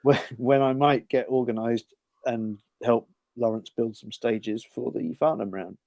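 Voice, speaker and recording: A man with a gravelly, fry-edged voice co-hosts a relaxed podcast chat, running through results in a dry, understated manner. The sound is close and dry, with no room around it. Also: medium pitch, unhurried, dry recording. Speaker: podcast co-host. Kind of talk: casual chat.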